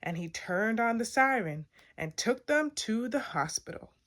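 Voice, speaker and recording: A woman reading a children's picture book aloud, expressive and playful, acting out sound effects. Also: on the high side, unhurried. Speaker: storytime reader.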